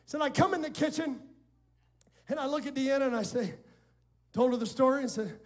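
A man's voice: very high voice, a little fast. A man preaching a sermon as pastor, telling stories, quoting people and calling on the congregation to respond. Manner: animated storytelling, quoting others and calling on the congregation. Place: church sanctuary before a congregation.

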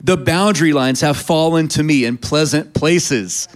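A man's voice: fairly high pitch, a little slow. A man preaching a sermon, reading scripture aloud and urging the congregation to respond. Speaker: pastor.

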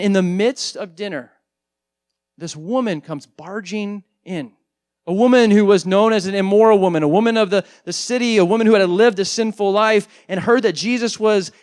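A man preaching a sermon as pastor, telling the story in a casual way that swings from loud emphasis to hushed moments. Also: high voice. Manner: casual, says "like" often.

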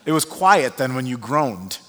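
Male pastor, mid-pitched, chatty sermon storyteller with fillers; long hall reverb. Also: a little slow. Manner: animated storyteller with frequent fillers.

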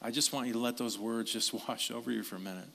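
A pastor delivering a conversational sermon, with chatty asides and questions to the congregation. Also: male voice, mid-range voice, quick pace, gravelly. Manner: conversational, animated preaching with asides.

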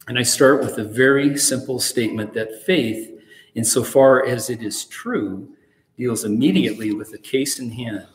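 Man, pastor, emphatic sermon, long hall reverb, roomy sound. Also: mid-range voice. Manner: earnest, emphatic preaching with read-aloud passages.

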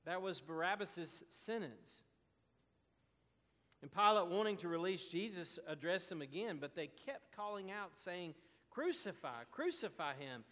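A man preaching a sermon as pastor, slow and deliberate with emphatic pauses. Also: sits high, sharp tone, big-room sound.

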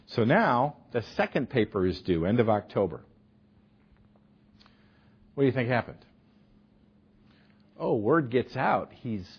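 A man preaching a sermon, telling a story with animated delivery that swings between loud emphasis and hushed asides. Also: mid-range voice, slightly rough, muffled recording.

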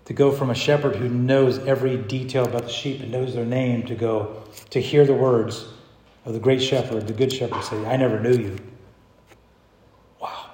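A man pastor preaching a sermon, swinging from hushed, low passages to loud, emphatic declarations. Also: fairly even intonation, normal speed, echoey room, in a large hall.

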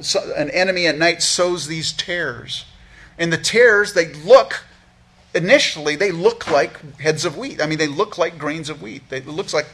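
A man's voice: fairly high pitch, a bit bright, husky. A man preaching as a pastor, earnestly teaching through a Bible passage verse by verse, often repeating words as he restarts a thought.

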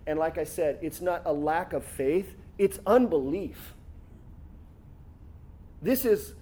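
A man preaching a sermon in an animated, conversational way, acting out quoted lines. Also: on the high side, slow. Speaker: pastor.

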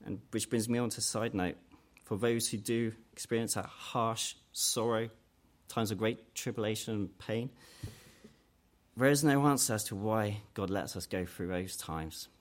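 A man preaching a sermon in an earnest way, growing louder and higher when he voices quoted challenges. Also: measured pace. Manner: earnest, rises in pitch and force when quoting mockers.

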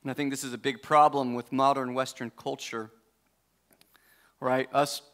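A man's voice: mid-range voice, little pitch movement, moderate pace, a bit bright. A man preaching a sermon as pastor in a conversational way, with joking asides and frequent self-corrections. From United States.

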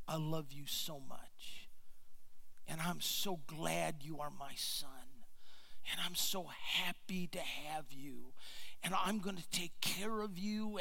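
A middle-aged pastor preaching in a high, bright voice. He takes his time over every phrase, telling earnest stories from his own life. At tender points his voice sinks into a hushed near-whisper. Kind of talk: sermon.

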